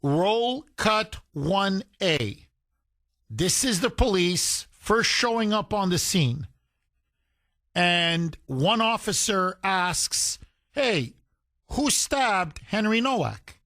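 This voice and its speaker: A man's voice: sits high, animated, very slow, pushed and bright, no room sound, studio quality. A man hosting a talk radio show, giving emphatic, indignant commentary and mimicking the people he talks about.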